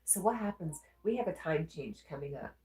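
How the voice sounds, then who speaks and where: This livestream host, a woman with a Southern accent and a stuffy nose, keeps things chatty as she reads out and answers viewer comments. Her low, mellow voice has lively intonation and a moderate pace, heard in a roomy-sounding space.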